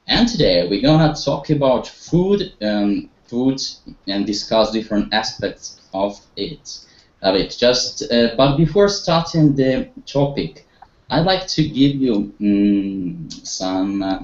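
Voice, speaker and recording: A man's voice: mid-range voice, lively intonation, slow pace, darkish tone. A male English teacher runs a group lesson over a video call, coaxing his students with questions and praise. His intonation swings widely. The audio is dull and roomy with noticeable echo. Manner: encouraging, leads students with questions, some hesitations.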